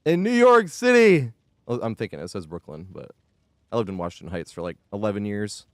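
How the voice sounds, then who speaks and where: In a low voice and at a fast clip, a man commentates his own live gameplay stream, chatting, shouting when the game goes wrong, apologizing, and thanking viewers as he goes. The audio is dry and studio quality.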